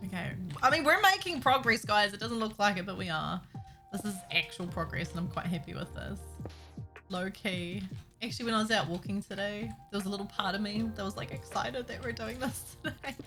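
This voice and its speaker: A woman's voice: mid-range voice, lively intonation, a little fast, music in the background. A woman, chatting casually with her stream audience while building, giggling and talking to herself. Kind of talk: casual chat while building a game map.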